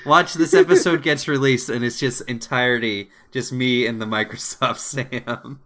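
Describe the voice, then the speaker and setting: A man's voice: mid-range voice, fairly even intonation, moderate pace, fairly bright tone. A man co-hosting a podcast in casual chat, joking and giggling. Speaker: podcast co-host and editor.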